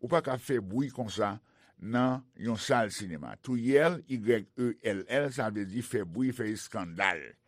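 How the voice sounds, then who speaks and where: A man with a Haitian accent teaching English in a slow, deliberate way and spelling out words. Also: mid-range voice, lively intonation, no room sound, clean studio sound. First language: Haitian Creole. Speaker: language teacher. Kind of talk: bilingual radio language lesson.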